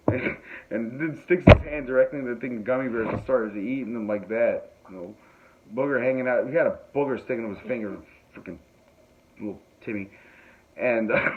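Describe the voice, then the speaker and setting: A man with a mid-range voice hosts a podcast, pausing often and speaking at a moderate pace as he tells a meandering comic tale. He laughs frequently and mocks himself in asides. The recording sounds thin and phone-like, with a little noise.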